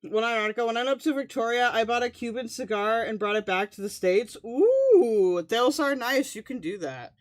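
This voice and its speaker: Cussing streamer lady in her 30s, kinda high voice, rambles and teases her guests. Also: expressive, moderate pace, hardly any pauses. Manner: profane, rambling, teasing. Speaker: streamer host. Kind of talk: casual chat.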